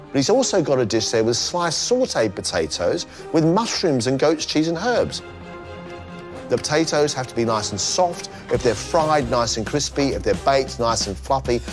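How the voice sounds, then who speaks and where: A man judging a cooking competition, giving lively, descriptive running commentary on the dishes. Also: mid-range voice.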